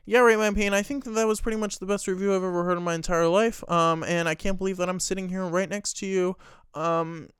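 A man's voice: high voice, fairly even intonation, fast talker, fairly bright tone, smooth, no echo, clean studio sound. A man doing an improvised comedy bit, rambling and mock-serious with lots of filler words.

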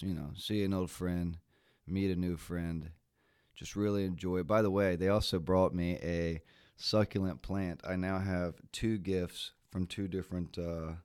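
A man's voice: low voice, darkish tone, clean tone, no echo, studio quality. A man hosting a podcast, chatting casually in a groggy morning voice and rambling with lots of fillers and restarts. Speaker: podcast host.

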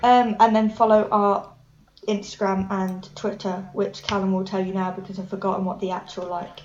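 A woman's voice: mid-range voice, flat delivery, moderate pace, a little mellow, highs cut off. A woman in her late teens from England co-hosting a casual podcast, giggly and self-deprecating. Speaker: podcast co-host. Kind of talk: casual chat.

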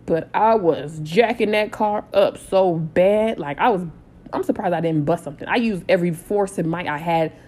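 A woman in her thirties telling a personal story in a casual, animated way, blunt and swearing freely. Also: fairly low pitch, moderate pace. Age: 30s. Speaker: storytime vlogger.

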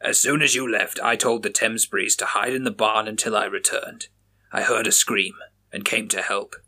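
A man's voice: on the low side, fairly even intonation, normal speed, pushed and bright, slightly rough, heavily acted. A man doing a clipped, defensive officer. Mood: grim. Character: male police officer, steady and defensive partner.

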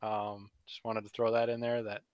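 A man's voice: lowish voice, completely flat delivery, normal speed, clear, resonant tone, no echo, highs cut off. A man co-hosting a podcast, talking in a blunt, teasing way. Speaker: podcast co-host. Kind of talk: casual chat.

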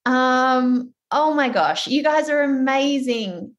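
A woman with an Australian accent presenting an online workshop over a video call, chatty, encouraging and animated. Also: high voice, slow pace.

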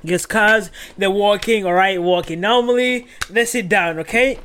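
A young man hosting a podcast, recapping a reality show in an animated, profane way full of fillers. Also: high-pitched, moderate pace, clean tone. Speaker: podcast host.

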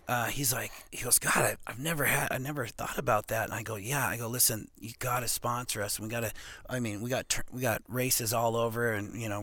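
A professional arm wrestler from Montana, USA, appears as a podcast guest and tells a long, casual story in a medium-pitched voice. He is rambling and animated, saying "you know what I mean" a lot.

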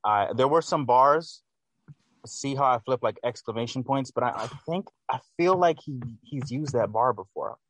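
A man's voice: mid-range voice, expressive, moderate pace, fairly bright tone, no echo. A man co-hosting a casual album review, critical and hesitant, correcting himself often.

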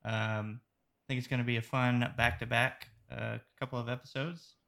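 A man's voice: medium pitch, flat delivery, normal speed, gravelly, fairly bright tone. Chatty man hosting a movie podcast. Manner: joking, chatty, loose. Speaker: podcast host. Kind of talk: casual movie review chat.

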